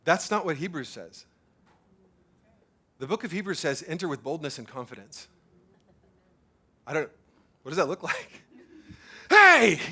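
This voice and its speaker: A male pastor delivers a sermon at a church service, his voice pitched high and bright. He talks in an animated, casual way, stacking fillers and repeating himself as he goes. He sounds like a man in his thirties or forties.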